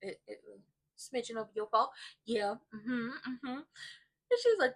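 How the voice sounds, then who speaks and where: A woman with a high, bright voice dishes on a soap opera episode like she's gossiping with friends. She plays it up with sassy asides, mock sobbing and big comic exaggeration. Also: big pitch swings, takes it slowly. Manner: dramatic and sassy, mock crying and playful exaggeration. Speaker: soap opera recap vlogger. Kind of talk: comedic TV recap commentary.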